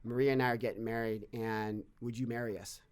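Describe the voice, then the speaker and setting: A man's voice: medium pitch, flat delivery, a little fast, clear, resonant tone. Earnest man telling stories. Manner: earnest, repeats and restarts words. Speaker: podcast guest, fitness business owner. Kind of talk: casual interview storytelling.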